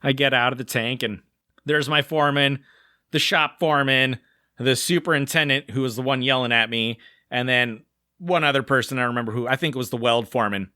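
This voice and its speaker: A man's voice: medium pitch, fairly quick, pushed and bright, clean tone, no room sound, clean studio sound. A man in his thirties, a podcast co-host telling a long story in a casual, rambling way, full of "like" fillers and acted-out quotes. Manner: rambling, many "like" fillers, acts out quoted voices.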